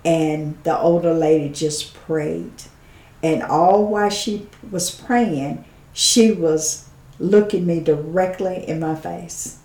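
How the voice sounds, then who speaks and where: In an echoey room, a woman with a low voice speaks slowly as a guest on an interview show. She offers a heartfelt testimony with animated storytelling, frequent laughter and a hushed voice for quotes.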